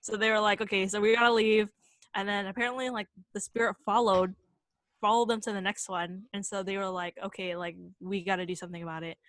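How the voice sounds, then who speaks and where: A woman's voice: medium pitch, fairly even intonation, fast, fairly bright tone, dry recording, low-quality recording. A woman co-hosting a podcast, telling a story in a casual, chatty way, full of fillers and swearing. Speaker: podcast co-host.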